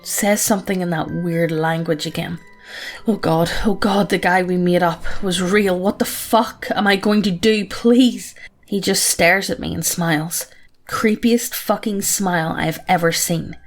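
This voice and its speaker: A woman reads a first-person horror story in a casual, profane, present-tense way. Her voice sits on the low side, with faint music underneath. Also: fairly even intonation, measured pace.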